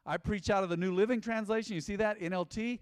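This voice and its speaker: A man's voice: sits high, fairly even intonation, fast, clear, resonant tone, dry recording, studio quality, in a large hall. A man preaching a sermon as pastor, emphatic, calling on the congregation to respond. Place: church sanctuary.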